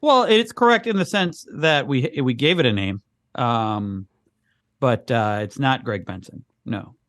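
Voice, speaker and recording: A man's voice: mid-range voice, animated, a little slow, a bit bright, dry recording, clean studio sound. A man co-hosting a comedy podcast, chatting casually as the mildly exasperated straight man. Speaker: podcast co-host.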